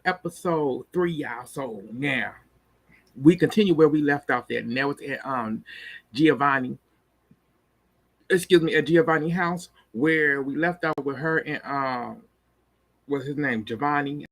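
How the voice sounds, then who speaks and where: A man's voice: on the high side, fairly bright tone. A man recapping a TV episode in a chatty, casual way, talking straight to his viewers and laughing often. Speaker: TV show reviewer.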